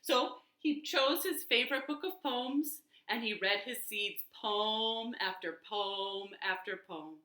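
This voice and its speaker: A woman librarian reading a children's storytime at home, slow, sing-song and expressive. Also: on the high side. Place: home living room. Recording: roomy living room.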